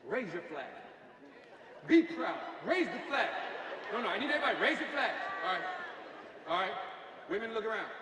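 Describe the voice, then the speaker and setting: A man giving a comic motivational speech to a live audience, animated, shouting his punchlines and mimicking people. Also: high-pitched, moderate pace, long pauses, far from the mic, background noise. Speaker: motivational speaker. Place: large hall with live audience. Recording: echoey hall, from afar, crowd.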